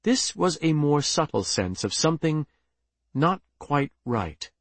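A man's voice: on the high side, very animated, unhurried, no echo. Man narrating an audiobook, dry sound. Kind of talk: scripted narration.

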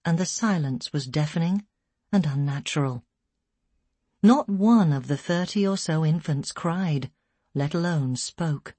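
A woman reading a story aloud in slow, somber scripted narration. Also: sits low, lively intonation, mellow, slightly rough, dry recording. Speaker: audiobook narrator.

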